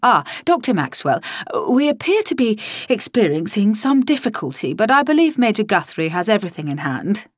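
A woman's voice: mid-range voice, big pitch swings, normal speed, dry recording, clean studio sound, voice pushed up. A woman reading an audiobook, voicing a formal, unflappable older male director with clipped, understated politeness. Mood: calm formal.

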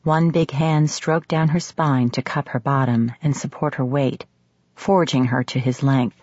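Audiobook narrator: woman, low husky voice, measured sultry romance reading, dry and slightly dull audio. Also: fairly even intonation, darkish tone, no echo. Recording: slightly muffled studio audio.

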